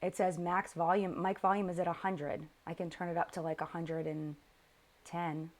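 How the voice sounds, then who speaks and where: A young woman hosting a live makeup chat with viewers, tired and low on energy, rambling and often interrupting herself. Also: little pitch movement, normal speed. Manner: scattered, rambling, self-interrupting. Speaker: beauty channel host.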